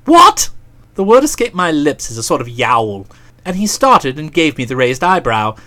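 A woman's voice: low voice, sing-song, moderate pace, a bit bright. A woman narrating a comic novel aloud in a dry, wry storytelling manner. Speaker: audiobook narrator.

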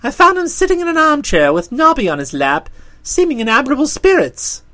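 A woman narrating a comic story in an audiobook, with lively storytelling. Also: high voice, fairly quick.

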